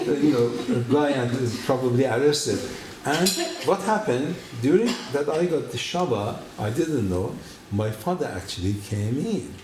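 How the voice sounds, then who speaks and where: A man's voice: on the high side, background noise. Echoey man telling his testimony. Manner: animated storytelling, acts out dialogue. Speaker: church member giving testimony. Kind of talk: personal testimony story. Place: church hall. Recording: echoey room.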